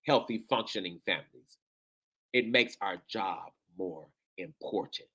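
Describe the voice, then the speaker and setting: A man's voice: deep voice, measured pace, bright, forceful tone, slightly rough. A man giving a fervent, preacher-like address to teachers, emotional and near tears at times, repeating phrases and calling out to the listeners.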